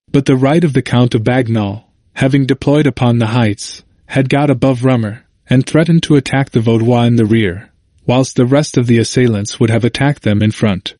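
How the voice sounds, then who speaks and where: A man narrating a history audiobook in a measured, formal manner. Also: medium pitch, a little mellow, no echo, studio quality.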